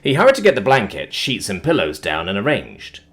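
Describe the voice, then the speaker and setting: A man's voice: lowish voice, wildly swooping pitch, a little fast, a bit bright, breathy edge, soft background music. A man narrating a science fiction story expressively as an audiobook reader.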